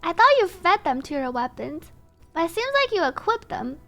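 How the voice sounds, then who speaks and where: A woman streamer giving casual gameplay commentary, thinking aloud and breaking into excited, giggly reactions. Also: extremely high pitch, normal speed, faint music behind.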